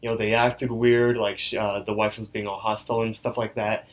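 A man's voice: on the low side, little pitch movement, brisk, rough recording. A young man co-hosting a podcast, casually retelling a spooky story and an episode, rambling with lots of "like" fillers. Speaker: podcast co-host.

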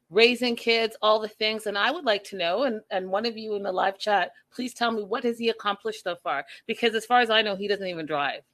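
A young adult woman hosting a live stream, giving an animated, opinionated recap of a reality show with sassy asides. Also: on the high side.

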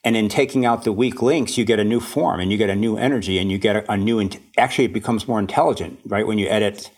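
A man's voice: lowish voice, quick pace, a little mellow. A man, an author, chatting as a podcast guest in a reflective, self-deprecating way, laughing often. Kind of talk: casual interview chat.

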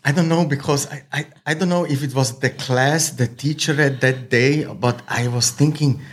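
A man from Switzerland, a guest who coaches fighters, talking casually in halting non-native English with many fillers. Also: medium pitch, fairly even intonation, a little hiss or hum. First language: Slovenian or Swiss German. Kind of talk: casual interview.

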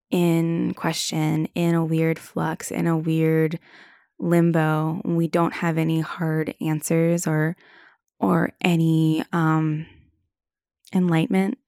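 Young woman podcaster, low-ish voice with a lot of fry, super candid and sweary, says like constantly. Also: a little mellow, no echo, studio quality. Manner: frank, swears freely, many "like" fillers. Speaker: podcast host. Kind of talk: candid casual monologue.

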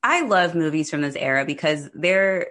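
A woman's voice: sits low, animated, moderate pace, a bit bright. A woman co-hosting a casual film discussion, wry and sarcastic, laughing often. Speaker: podcast co-host.

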